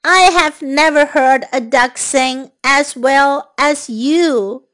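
A woman voicing a kind female bluebird who gently encourages a duck. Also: sits high, slow pace. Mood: kindly. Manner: gentle, kindly reassuring.

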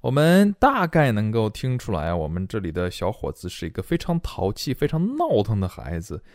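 A Chinese-accented man leads a bilingual English reading lesson in a low, lively voice that swoops up and down. He explains playfully, and the sound is close and dry. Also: a little fast, no echo. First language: Mandarin. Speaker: English teacher.

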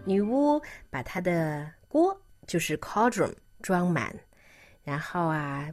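A woman reading a picture book aloud to a child, slow and expressive, stopping to coax the child with questions. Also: lowish voice.

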